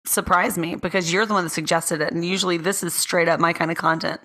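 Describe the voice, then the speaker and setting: A woman co-hosting a podcast in casual chat, a little hoarse, laughing often and trailing off mid-thought. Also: fairly low pitch, steady tone, fast, bright, forceful tone. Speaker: podcast co-host. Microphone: studio mic with red light.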